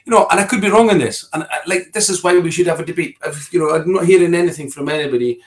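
A man's voice: fairly high pitch, quick pace. A middle-aged Scottish man, a politician talking as an interview guest in a discursive way, often restarting and repeating words.

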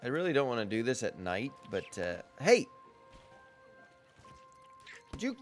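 Excitable man narrating his gameplay. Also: medium pitch, a little slow, pauses often, faint music behind. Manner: chatty, talks to himself and to game characters, yelps at scares. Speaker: gamer playing a survival game. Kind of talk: casual let's-play commentary.

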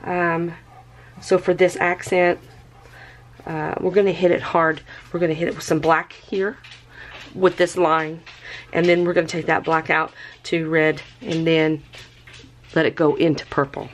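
Chatty low-voiced woman crafter. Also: measured pace, long pauses, a little hiss or hum. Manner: chatty, excitable, thinking aloud. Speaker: tie-dye crafter. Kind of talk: casual craft tutorial.

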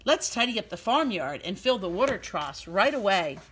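A woman's voice: mid-range voice, slight background noise. A woman doing a busy, bossy little pig. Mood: urgent. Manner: hurried, excited exclamations. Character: busy bossy young pig organizer, male.

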